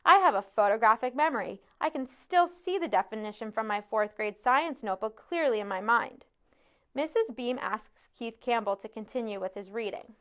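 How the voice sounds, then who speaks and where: Clear, higher-pitched woman narrating a story. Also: lively intonation, a bit bright. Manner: measured first-person storytelling. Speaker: audiobook narrator. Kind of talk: scripted narration.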